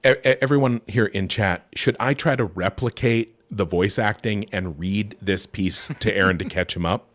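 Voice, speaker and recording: A middle-aged man hosting a casual gameplay stream, talking excitedly, swearing and laughing. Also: fairly low pitch, moderate pace, few pauses. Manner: animated, swearing, bursts of laughter, reading aloud. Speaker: streamer host.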